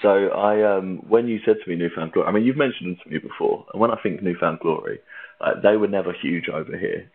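A man's voice: sits low, fast talker, slightly rough. A man from Britain hosting a casual music chat, an easygoing interviewer who chuckles often. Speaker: podcast host. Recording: tinny phone-like line.

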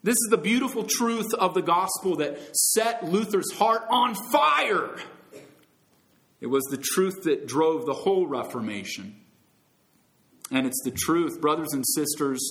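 A man preaching a sermon as pastor, emphatic, rising to loud high peaks and dropping low and soft, calling his listeners friends and brothers and sisters.

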